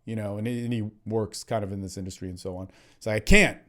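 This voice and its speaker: A man hosting a solo podcast, talking candidly and profanely, swinging between emphatic bursts and low muttering, and often calling the listener "man.". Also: fairly even intonation, quick pace, warm tone. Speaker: podcast host and dating coach.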